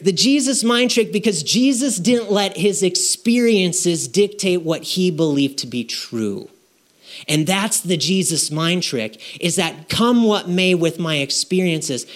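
A man preaching a sermon to his congregation in a conversational way, asking rhetorical questions and checking in with "okay?". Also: a little high. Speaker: pastor. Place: church.

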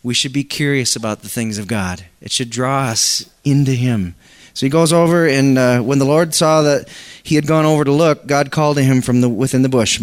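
A man's voice: mid-range voice, normal speed. A man preaching a conversational sermon, reading scripture aloud and asking his congregation questions. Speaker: pastor.

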